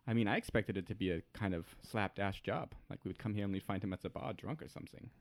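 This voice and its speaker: A man's voice: lowish voice, fast talker. A man playing a tabletop game, talking casually and hesitantly with many fillers. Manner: hesitant, lots of likes. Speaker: player.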